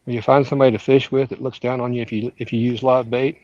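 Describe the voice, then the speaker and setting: A man's voice: medium pitch, flat delivery, fast, darkish tone. Joking man, lo-fi. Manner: joking, rambling, self-mocking. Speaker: fishing channel co-host. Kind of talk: casual live-stream chat while fishing.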